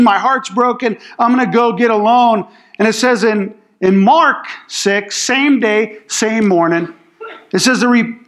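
A man's voice: high voice, fairly bright tone. A man preaching a sermon as a pastor, telling the story casually with slang and acting out what people say. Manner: acts out quoted speech in the story.

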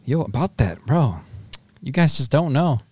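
A man's voice: mid-range voice, expressive, unhurried, darkish tone, breathy edge, no echo. A man co-hosting a podcast in casual chat, joking and laid-back, using lots of slang. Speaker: podcast co-host.

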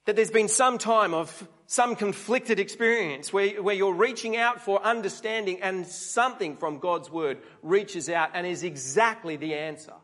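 A man's voice: high-pitched, moderate pace, hardly any pauses, a bit bright. A middle-aged man preaching a conversational sermon, often asking his listeners rhetorical questions.

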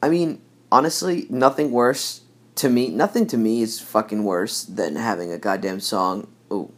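A man's voice: fairly low pitch, moderate pace. A man hosting a podcast in a rambling, laid-back monologue, often correcting himself. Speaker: podcast host.

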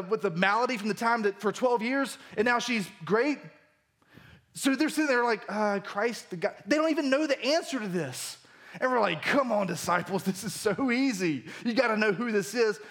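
A man's voice: very high voice, brisk, fairly bright tone. A man preaching a sermon as pastor at a church service, reading scripture and explaining it in a conversational, emphatic way.

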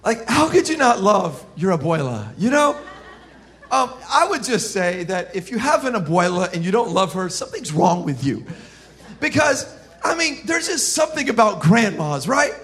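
A man with a very high speaking voice preaches a sermon. He is a pastor from South Florida who tells stories with a lot of animation, cracks jokes and shouts his punchlines. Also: sing-song, normal speed.

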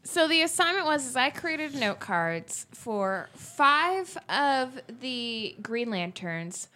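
A young woman in a casual group discussion, playful and quick to interject. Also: sits high, big pitch swings, bright, forceful tone, a little hiss or hum. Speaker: student presenter. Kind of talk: casual chat.

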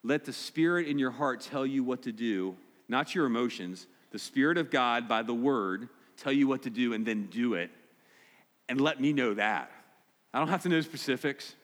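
Direct, emphatic pastor in a reverberant hall. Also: male voice, mid-range voice, lively intonation, moderate pace, fairly bright tone. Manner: direct, emphatic, repeats key words. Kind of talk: sermon. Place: church sanctuary.

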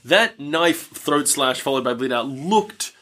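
A man with a bright, slightly high voice rambles through a movie recap, full of fillers. He keeps jumping into high-pitched impressions of the characters. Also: expressive, unhurried. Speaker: podcast co-host. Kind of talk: casual movie recap chat.

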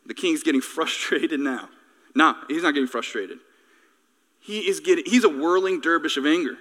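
Lively joking preacher, high lively voice, hall reverb. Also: male voice, normal speed. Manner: animated, joking, conversational. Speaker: pastor. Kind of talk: sermon.

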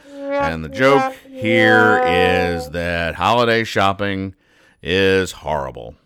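A man hosting a comedy podcast, recapping comic strips in a rambling, self-deprecating deadpan. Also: lowish voice, clear, resonant tone, dry recording, studio quality. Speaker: podcast host.

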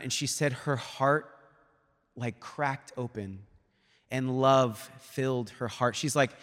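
A man of middle pitch preaches a sermon in a church, talking casually and retelling a story with plenty of "like" and quoted asides. His voice carries a long reverb tail from a large hall. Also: a bit bright. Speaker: guest preacher. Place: church sanctuary.

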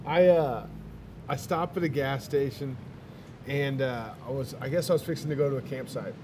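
A man from Texas, a motorcycle traveler telling stories in casual chat, animated and full of swearing. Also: mid-range voice, normal speed, background noise. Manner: profane, animated storyteller.

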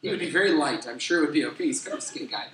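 A middle-aged man preaching a sermon as a pastor, telling stories with animated, self-deprecating humor. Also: a little high, very fast, over a noisy crowd. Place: church sanctuary. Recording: echoey church hall.

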